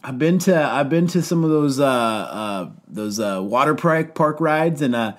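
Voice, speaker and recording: A man's voice: mid-range voice, expressive, a little slow. A man co-hosting a podcast as a youth pastor, telling a funny story in casual chat, laughing often and acting out the quoted lines.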